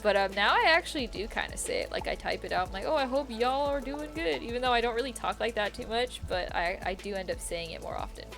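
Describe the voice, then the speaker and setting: A young woman streamer chats loosely while she plays, giggling, slangy and quick to swear. Her voice sits at an ordinary middle pitch. Soft game music plays underneath. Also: expressive, gravelly. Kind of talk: casual chat while gaming.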